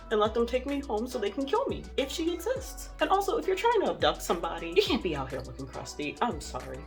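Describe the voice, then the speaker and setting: A young woman telling a storytime vlog in a sassy, dramatic, mocking way. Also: mid-range voice. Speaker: vlogger.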